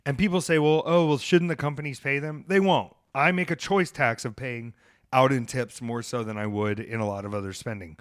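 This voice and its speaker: A man hosting a podcast in casual chat, an animated storyteller who bursts into loud acted-out bits. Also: medium pitch, a little fast, no echo, studio quality. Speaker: podcast host. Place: near Atlanta.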